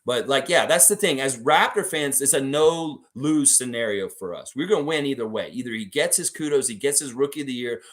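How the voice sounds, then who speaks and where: A man in his forties from Florida, hosting a casual fan livestream, talking in an excitable, profane, rambling way. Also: medium pitch. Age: 40s. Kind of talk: casual sports fan commentary.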